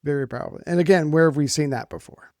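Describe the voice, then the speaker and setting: A man co-hosting a history podcast with a slightly raised pitch and a wry, joking way of tossing in asides. He sounds close to the mic in a dry, dead space. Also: fast, a little mellow, dry recording. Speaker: podcast co-host. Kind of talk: casual podcast banter.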